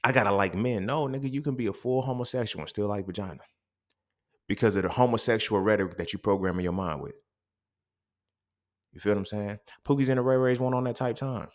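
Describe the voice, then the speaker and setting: A man's voice: lowish voice, fast, pauses often, a little mellow. A man delivering a casual, profane monologue, blunt and streetwise, firing off rhetorical questions. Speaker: podcast host.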